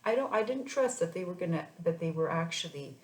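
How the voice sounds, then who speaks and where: Chatty mother with a low voice. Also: animated, a little fast, a little mellow. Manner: chatty, rambling with many restarts. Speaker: mother sharing her story. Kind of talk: casual personal vlog. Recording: echoey room.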